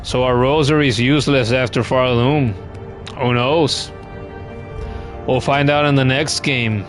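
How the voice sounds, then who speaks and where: A man's voice: mid-range voice, steady tone, unhurried, soft background music. A man live-streaming a video game, chatting casually with viewers in a playful, wry way and repeating words as he starts his thoughts. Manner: playful, wry, talks to chat.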